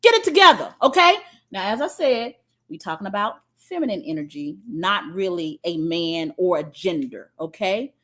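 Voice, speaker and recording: A woman's voice: on the low side, lively intonation, normal speed. A woman giving a spiritual teaching talk in a blunt, profane and emphatic way, often checking in with "okay?".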